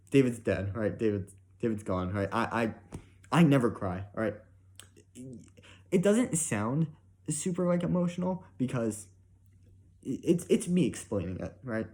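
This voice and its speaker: A man's voice: medium pitch, a little mellow. A young man giving a casual, emotional spoken review, rambling with many "like" and "right?" fillers and frequent swearing.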